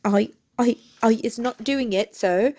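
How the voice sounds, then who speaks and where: A woman's voice: level tone, measured pace, vocal fry, a little mellow. A woman voicing a terrified little female house-elf who stammers and pleads in broken grammar. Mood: terrified pleading. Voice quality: squeaky.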